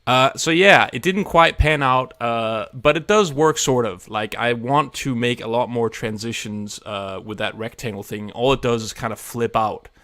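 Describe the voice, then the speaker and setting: A man's voice: mid-range voice, moderate pace, hardly any pauses, fairly bright tone, dry recording. A man hosting a laid-back live radio stream, chatting casually and rambling with self-mocking asides and lots of fillers.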